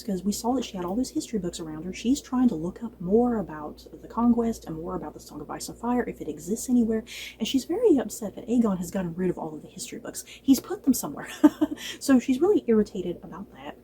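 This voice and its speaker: A woman casually reviewing a TV episode, chatty and animated, laughing often and acting out lines from the show. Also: medium pitch, fast, slight background noise, rough recording. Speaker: book and TV reviewer.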